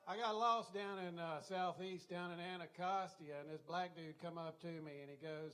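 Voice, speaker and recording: A man's voice: a little high, fairly even intonation, moderate pace, few pauses, a bit bright. An older man with a Southern US accent doing a folksy stand-up routine on a comedy club stage, full of chatty "you know" asides.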